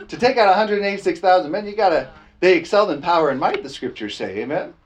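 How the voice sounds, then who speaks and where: A man's voice: sits high, lively intonation, fast talker. A man preaching a storytelling sermon in a folksy, laughing way, often tossing "amen?" to the congregation.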